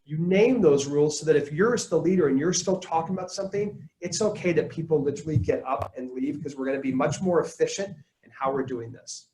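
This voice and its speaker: A man presenting a live leadership webinar, coaching his audience in an energetic tone and acting out the lines he quotes. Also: a little high, a little fast, hardly any pauses, reverberant, rough recording. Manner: energetic, coaching tone, quotes people in put-on voices.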